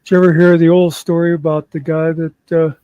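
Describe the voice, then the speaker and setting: A man's voice: a little high, level tone, brisk, dark tone, clear, resonant tone, no room sound, muffled recording. A man co-hosting a casual chat, telling a long joke in a leisurely storytelling way. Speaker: co-host.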